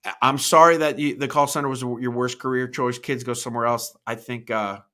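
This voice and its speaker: A middle-aged man hosts a podcast in a mid-range, fairly even voice that runs fairly quick, pushed and bright. He thinks aloud off the cuff while answering live comments, restarting and repeating words and tagging his points with "right?"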